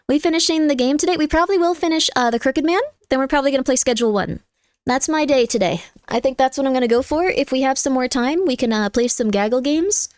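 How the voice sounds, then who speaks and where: A woman's voice: high voice, animated, quick pace, dry recording, studio quality. A young adult woman streamer in casual chat, joking around and thanking her viewers. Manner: chatty and jokey, thanks viewers by name. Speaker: livestreamer.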